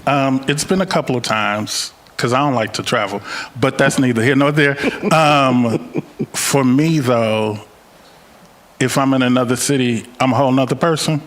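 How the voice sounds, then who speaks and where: A man talking casually on a live panel, playful and animated as he tells his stories. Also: medium pitch, normal speed.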